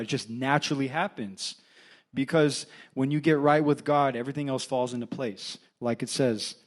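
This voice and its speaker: Young male assistant pastor, Californian accent, chatty filler-laden church testimony, mid-pitched. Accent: Californian English. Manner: conversational, filler-heavy storytelling. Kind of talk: casual testimony sermon.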